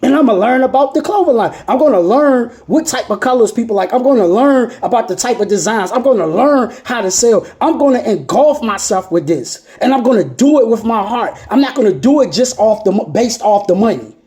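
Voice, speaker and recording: A woman delivers a motivational sermon, emphatic and repetitive, with casual slang. Her voice sits high and moves a lot, with a mellow, darker tone. She builds to impassioned peaks. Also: animated, fairly quick, hardly any pauses. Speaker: preacher.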